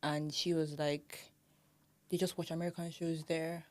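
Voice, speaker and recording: Animated Nigerian woman, lowish voice. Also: a little slow. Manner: animated, laughs often, mimics pronunciations. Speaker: podcast co-host. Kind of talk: casual chat.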